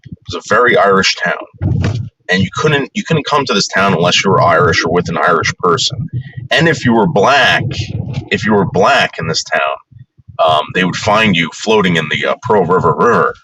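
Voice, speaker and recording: A man's voice: low-pitched, animated, normal speed, bright, forceful tone, lo-fi sound, a little hiss or hum. A man from the New York area, bluntly narrating a casual tour in a rambling, crude way. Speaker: vlogger.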